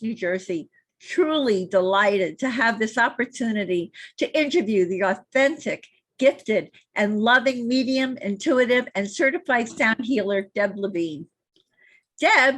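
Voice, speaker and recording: A woman with a slightly raised, husky voice hosts an interview podcast from her home studio. She reads her introductions in a measured, formal way and asks careful questions. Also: a little high, a bit bright. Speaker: podcast host. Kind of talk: interview hosting.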